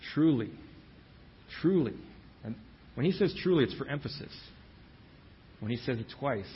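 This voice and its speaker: A man's voice: on the high side, slightly rough, highs cut off. A man preaching a sermon, retelling scripture in a storytelling manner and giving the quoted lines their own voices.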